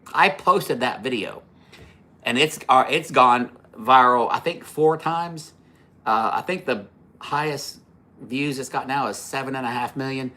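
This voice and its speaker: Rambling, profane man with a bright voice. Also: medium pitch, a little slow. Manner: rambling, profane, many fillers and restarts. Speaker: livestream host. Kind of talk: casual livestream storytelling.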